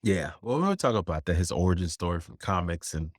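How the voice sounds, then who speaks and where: A man's voice: deep voice, lively intonation, fast talker, breathy edge, no room sound, clean studio sound. A man in his thirties co-hosting a pop culture podcast, easygoing and chatty, addressing listeners directly. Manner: easygoing, laughs along, talks to the audience. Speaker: podcast co-host. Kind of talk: casual chat.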